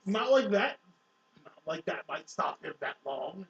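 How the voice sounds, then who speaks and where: A man's voice: high-pitched, very animated, a little slow, gravelly, a bit bright. A young man giving sarcastic, incredulous commentary, swearing often. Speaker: co-host. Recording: dull, echoey room from a distant mic.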